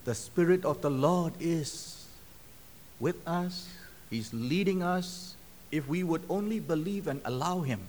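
A man's voice: on the high side, a little slow, darkish tone. A male preacher from Myanmar, telling his testimony in a sermon and acting out the quoted dialogue. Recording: long hall reverb.

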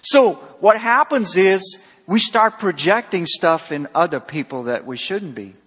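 A man preaching a sermon, emphatic, swinging between loud and soft, acting out dialogue with a slightly husky voice. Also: high voice, lively intonation, a little slow. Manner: emphatic, rising and falling sharply, acts out dialogue. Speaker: pastor. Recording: long hall reverb.

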